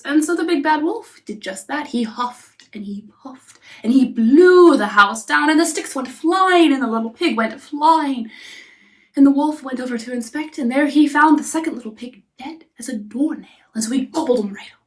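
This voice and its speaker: A woman narrating a fairy tale softly, often dropping into a whisper. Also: sits high, lively intonation, distant mic. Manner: soft, often whispering, unhurried. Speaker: storyteller. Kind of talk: storybook narration.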